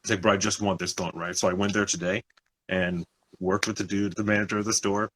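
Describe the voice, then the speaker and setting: A man's voice: fairly low pitch, flat delivery, brisk, fairly bright tone, slight background noise, rough recording. A young man co-hosting a podcast, telling a story in casual chat, acting out other people's lines and swearing often. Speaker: podcast co-host.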